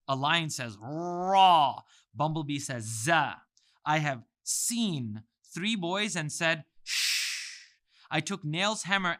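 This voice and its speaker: A man teaching the Arabic alphabet in a playful lesson, drawing out sounds with lots of energy. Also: on the high side. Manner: animated, playful, exaggerated sounds.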